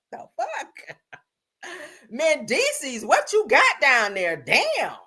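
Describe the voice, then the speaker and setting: A woman hosting a live stream, chatting casually and loudly, laughing often and throwing slangy asides to her viewers. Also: high voice, very slow. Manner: loud, laughing, animated gossip with slangy asides.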